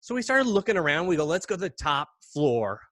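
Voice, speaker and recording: A man from Canada, a podcast guest, telling a spooky story in a casual, animated way and acting out bangs and gasps. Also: on the high side, brisk, no echo, clean studio sound.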